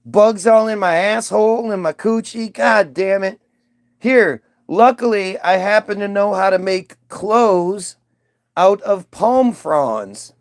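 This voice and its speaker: A simple-minded, whiny cavewoman Eve, as a man puts her on in a comic bit. She talks in broken baby-talk, pitched up high, with a rough, gravelly edge and a dry, close sound. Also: animated, takes it slowly, dry recording, heavily acted. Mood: shocked.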